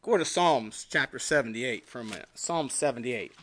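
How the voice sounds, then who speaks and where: A male pastor preaching a sermon, reading scripture aloud and swinging between emphatic rises and quiet, dropped endings. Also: medium pitch, lively intonation, normal speed. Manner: preaching with scripture readings in King James wording.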